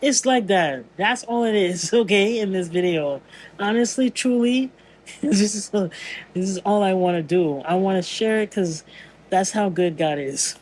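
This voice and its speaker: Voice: medium pitch, unhurried, darkish tone, poor audio. A vlogger in a casual spiritual monologue, earnest and musing, often searching for words and restarting sentences.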